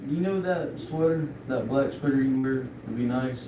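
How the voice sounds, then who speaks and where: A man's voice: medium pitch, normal speed. A man making casual remarks off-mic to the host. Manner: casual interjections from across the room. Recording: echoey room, far from mic, background noise.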